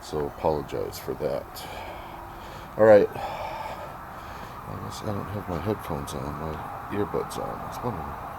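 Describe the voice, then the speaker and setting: A man talking casually to camera in a vlog, rambling and thinking aloud, often clearing his throat, moving between his workshop and yard. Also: extremely low pitch, expressive, measured pace, background noise. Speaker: vlogger.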